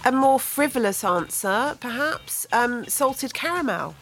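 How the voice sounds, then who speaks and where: A woman's voice: on the high side, expressive, a little slow, fairly bright tone, soft background music, rough recording. A woman in her forties, a guest on a radio interview, talking in a dry, witty, self-mocking way.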